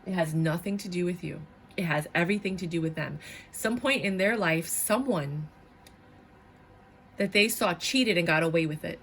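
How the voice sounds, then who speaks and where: A woman's voice: lowish voice, moderate pace, slight background noise. A young adult woman giving a tarot reading, speaking bluntly and animatedly. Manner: animated, blunt, slips into voices of others. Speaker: tarot reader.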